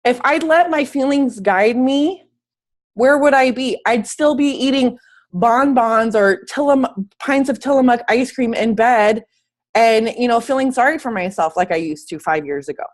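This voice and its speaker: A sick, slightly wheezy woman lies in bed at home, giving an upbeat, emphatic motivational talk to her team on a call as their fitness coach. Her voice is fairly high and her speed normal, and she uses casual slang.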